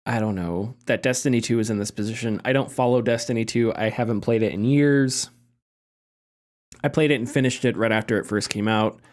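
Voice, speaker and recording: A man hosting a casual podcast discussion, talking in a conversational way that hedges and thinks aloud. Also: lowish voice. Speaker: podcast host.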